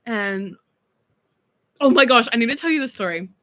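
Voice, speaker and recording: A woman's voice: on the high side, animated, moderate pace, a bit bright, no room sound. A young Australian woman in her early twenties, chatting casually and giggling as she reads viewer texts on a stream. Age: 20s. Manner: chatty and giggly, lots of fillers. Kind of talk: casual chat.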